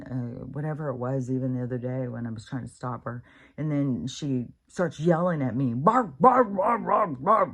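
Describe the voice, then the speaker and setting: This vlogger, a middle-aged American woman, has an extremely low, gravelly yet mellow voice. She rambles casually at home with her dog near her, her monologue full of fillers and restarts.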